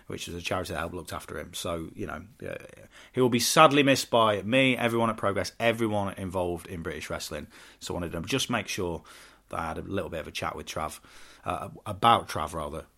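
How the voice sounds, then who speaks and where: A man hosting a casual solo podcast, heartfelt and rambling with restarts, bursting into excitement now and then. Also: sits low. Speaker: podcast host and wrestling promoter.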